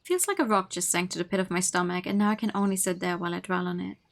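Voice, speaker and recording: A woman streamer reading a visual novel aloud, with expressive narration and playful asides. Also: fairly low pitch, fast, gravelly.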